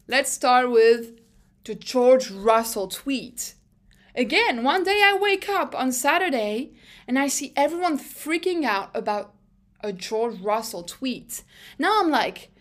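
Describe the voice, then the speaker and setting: Giggly, slow-talking young woman podcaster. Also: fairly high pitch. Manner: gushing, giggly, rambling with restarts. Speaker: podcast host. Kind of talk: casual solo podcast chat.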